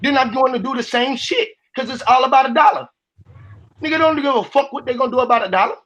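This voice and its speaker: Man, high voice, fast talker, blunt, profane, panel host. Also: fairly bright tone. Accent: put-on made-up accent at times. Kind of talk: casual panel discussion.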